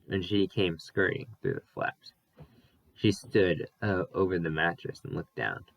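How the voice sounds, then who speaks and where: A man with a deep, gravelly voice reads a novel aloud, careful and unhurried, fixing small slips as he goes. The sound is close and dry, with no room around it. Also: no echo, highs cut off. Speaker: audiobook reader. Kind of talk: audiobook narration.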